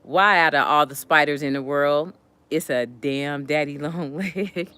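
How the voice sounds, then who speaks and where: A woman telling stories casually to her live chat, animated and laughing often. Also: measured pace, clean tone, dry recording. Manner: animated, laughs often, jumps high when retelling. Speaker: live streamer chatting with viewers.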